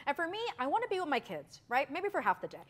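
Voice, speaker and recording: A woman's voice: high-pitched, very animated, quick pace, fairly bright tone. A middle-aged woman from Miami, a lifestyle expert chatting as a guest in an upbeat, bubbly promotional interview, repeating phrases for emphasis. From Miami, United States.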